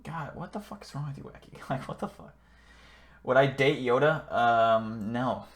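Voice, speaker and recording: A man's voice: mid-range voice, moderate pace, a bit bright. A man hosting a live stream, chatting casually with viewers in a rambling, profane, joking way. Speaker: livestream host.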